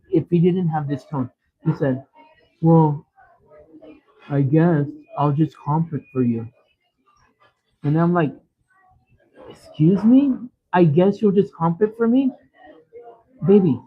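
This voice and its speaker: A man's voice: a little high, husky. A man vlogging to his viewers, telling a dramatic story in an exclaiming manner and repeating himself for emphasis. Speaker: mukbang vlogger. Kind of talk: animated storytelling vent. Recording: tinny phone-like sound.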